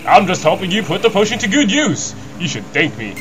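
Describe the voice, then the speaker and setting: A man's voice: high voice, big pitch swings, a little fast, voice pushed up. A man voicing a gloating male boogeyman villain from a video game, mocking and boastful, with game music behind him. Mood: smug.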